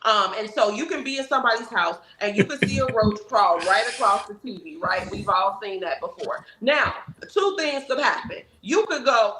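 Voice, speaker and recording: A woman's voice: mid-range voice, expressive, normal speed, bright, forceful tone, roomy sound, slight background noise, poor audio. A woman speaking as a guest on a political talk show, emphatic and preacherly, acting out other people's voices to make her point. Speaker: podcast guest.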